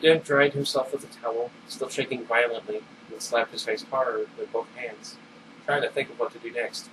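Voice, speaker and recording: A man's voice: mid-range voice, moderate pace, recorded from a distance. Brief: male amateur reader narrating a novel, casual, self-correcting, mic set back, constant air-conditioner hum. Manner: animated voices, stumbles and corrects himself aloud. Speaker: narrator reading a novel aloud. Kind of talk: casual read-aloud storytelling.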